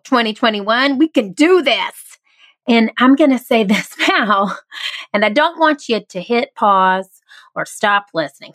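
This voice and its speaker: A woman's voice: on the high side, a bit bright. A woman in her thirties hosting a podcast, talking candidly and earnestly with self-deprecating humor. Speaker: podcast host. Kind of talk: motivational podcast monologue.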